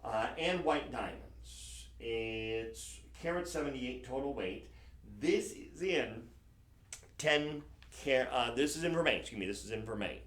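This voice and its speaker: A shopping channel host sells jewelry on a live stream, chatty and enthusiastic, correcting himself as he goes. His medium-pitched voice is a bit bright, with lively intonation and an unhurried pace.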